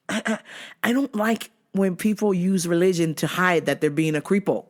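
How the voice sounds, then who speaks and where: A woman's voice: fairly low pitch, measured pace. A woman hosting a podcast, telling a story in a blunt, profane, casual way and laughing as she goes. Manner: animated, blunt and swearing, laughing through the telling. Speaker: podcast host.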